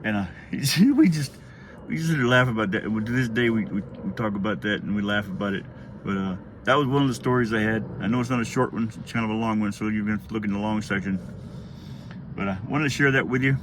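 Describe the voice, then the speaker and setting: A man's voice: on the low side, a little fast. A middle-aged man, telling a childhood story in a casual, rambling way, often laughing and acting out quotes. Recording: faint background noise.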